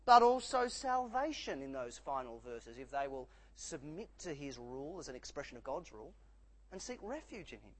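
A man preaching a sermon, emphatic, dropping low and rising again for effect. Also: very animated, moderate pace, low-quality recording.

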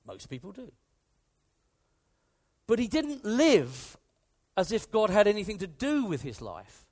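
Guy preaching a sermon, high animated voice, keeps asking the crowd questions and repeating himself. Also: a little slow. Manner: emphatic, repeats key phrases, asks the listeners questions.

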